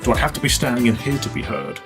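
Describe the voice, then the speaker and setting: A man's voice: medium pitch, very animated, fast talker, over music. A man chatting casually on a live game stream, rambling, joking and swearing as he goes. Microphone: headset.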